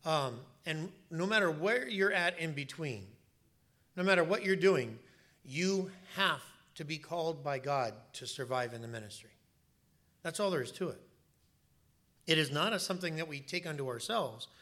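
A man's voice: on the high side, a bit bright. A male pastor preaching a sermon in a church, telling stories and stressing points by repeating words.

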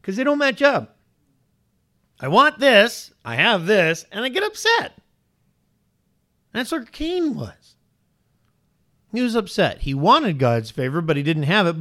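A man preaching a sermon to a congregation, animated and questioning, his pitch rising sharply on points of emphasis. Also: unhurried, pauses often. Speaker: pastor.

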